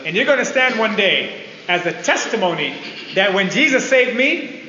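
Bright high-voiced preacher in a hall. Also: male voice, sing-song, normal speed. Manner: emphatic, repeats key phrases, asks the audience "Amen?". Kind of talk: sermon. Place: large hall with an audience. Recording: roomy hall, dull lo-fi, faint hiss.

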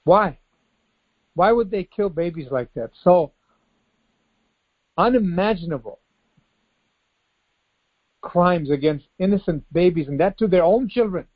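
A male preacher delivers a devotional sermon in a somewhat high voice. He piles up rhetorical questions and repeats words for emphasis. The recording sounds dull and lo-fi. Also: animated, measured pace, long pauses.

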